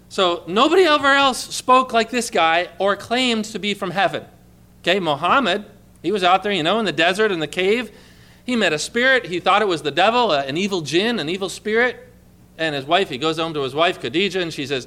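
Preacher, male, high and bright, emphatic scripture-reading delivery. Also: lively intonation, moderate pace. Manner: emphatic preaching, reads scripture aloud with rising intensity. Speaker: pastor. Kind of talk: sermon.

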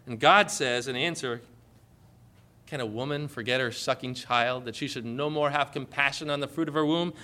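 A man preaching a sermon with passion, building to emphatic, forceful proclamations. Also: on the high side, moderate pace.

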